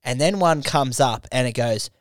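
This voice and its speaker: Young Aussie male co-host, animated crude storyteller, clean dry close-mic tone. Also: medium pitch, moderate pace, no room sound. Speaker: podcast co-host. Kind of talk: crude casual chat.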